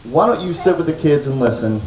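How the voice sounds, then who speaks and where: A man's voice: on the high side, animated, brisk, darkish tone. A man teaching at a children's church, easygoing and friendly as he talks with the kids. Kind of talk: casual talk, then storytelling to kids. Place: church hall before a crowd of kids. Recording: echoey hall.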